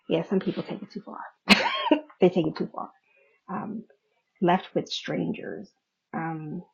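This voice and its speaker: A woman's voice: medium pitch, gravelly, slightly rough. A middle-aged woman hosting a podcast, talking candidly about her own feelings, often laughing and swearing casually. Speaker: podcast host. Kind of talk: candid personal talk. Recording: dull lo-fi recording.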